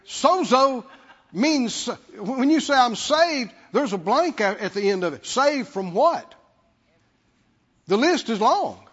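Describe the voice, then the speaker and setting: A man's voice: very high voice, very animated, slow, fairly bright tone, slightly rough. A man preaching a sermon as pastor, stressing words through repetition and prompting the congregation to respond. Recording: dull lo-fi sound with long hall reverb.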